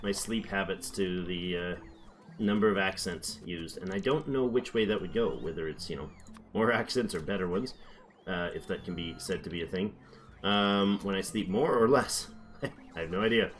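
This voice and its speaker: A low-pitched gameplay streamer talks at normal speed over faint music. He gives casual, chatty commentary, thinking aloud as he builds and now and then slipping into playful accents.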